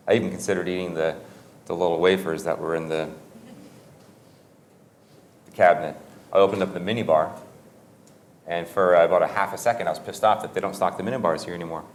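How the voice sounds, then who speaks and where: Low-voiced male motivational speaker with a casual, self-correcting storytelling style and faint room sound behind him. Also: steady tone, normal speed, long pauses, slight background noise. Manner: conversational and humorous, with frequent self-corrections and laughter.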